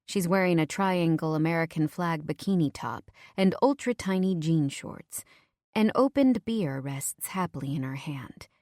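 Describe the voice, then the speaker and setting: A woman reading a first-person audiobook in a measured, low-key way. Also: darkish tone, dry recording, clean studio sound. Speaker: audiobook narrator.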